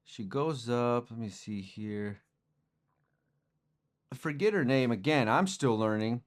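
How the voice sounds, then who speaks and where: A young man hosts a casual sports podcast, talking at an everyday middle pitch. He rambles from point to point, doubling back and filling gaps with ums and restarts. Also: animated, slow, long pauses. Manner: rambling, conversational, many fillers and restarts. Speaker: podcast host.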